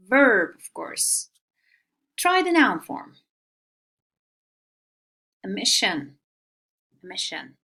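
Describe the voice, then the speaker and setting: Slow, clear-spoken woman teaching vocabulary. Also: sits high, a bit bright. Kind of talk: recorded online vocabulary lesson.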